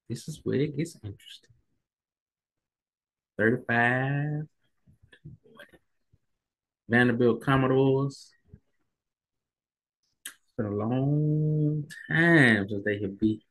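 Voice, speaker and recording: A man's voice: medium pitch, very slow, pauses often. A man giving a casual, emphatic opinion monologue on college football, repeating himself for emphasis and getting heated. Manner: emphatic, repetitive, colloquial, rising to heated emphasis. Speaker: sports commentary vlogger.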